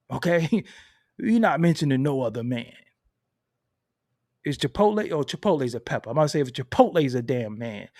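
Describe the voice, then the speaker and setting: A man's voice: mid-range voice, gravelly, a little mellow, dry recording, clean studio sound. A man telling a story in a casual, profane and emphatic way, laughing between lines.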